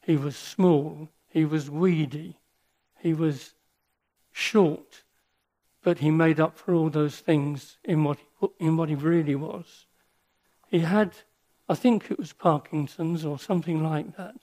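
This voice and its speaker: An older man giving a sermon with personal stories, speaking in an earnest, reflective way with pauses and restarts. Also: fairly high pitch, steady tone, warm tone.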